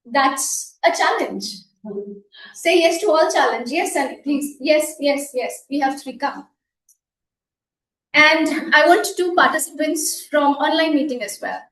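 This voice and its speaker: Brief: woman facilitator, high-pitched and encouraging, recorded from afar in an echoey room with faint ambience. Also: fairly bright tone. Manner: encouraging, deliberate delivery. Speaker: meeting facilitator. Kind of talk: club meeting, leading an exercise. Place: meeting room. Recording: echoey room, mic at a distance.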